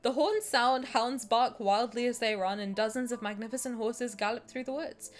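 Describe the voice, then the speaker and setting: A young adult woman streaming, chatting casually and reading game text aloud in an animated, joking way, giggling and swearing. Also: on the high side, normal speed. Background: faint game music.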